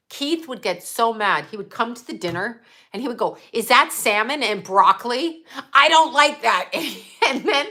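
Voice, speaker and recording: Middle aged psychic lady ranting on a livestream, bright punchy voice, blunt, swears a lot. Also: mid-range voice. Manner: blunt and emphatic, swears freely. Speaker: psychic medium. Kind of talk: casual livestream monologue.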